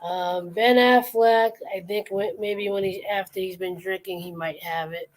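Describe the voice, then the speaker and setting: A woman's voice: mid-range voice, fairly even intonation, measured pace, rough recording. A tired woman chatting loosely and laughing as she draws on a live stream. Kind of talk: casual chat.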